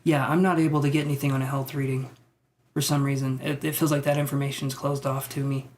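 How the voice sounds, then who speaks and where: A man giving psychic tarot readings on a live stream. He talks in a tentative, musing way, thinks out loud with many fillers, and reassures his viewers. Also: mid-range voice, flat delivery, fast talker, a little hiss or hum. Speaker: tarot reader.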